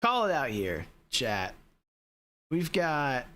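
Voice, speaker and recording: A man's voice: a little high, animated, moderate pace, a bit bright. Chatty male sim racing streamer. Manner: rambling, talks straight to chat with lots of fillers. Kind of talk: casual live-stream chat.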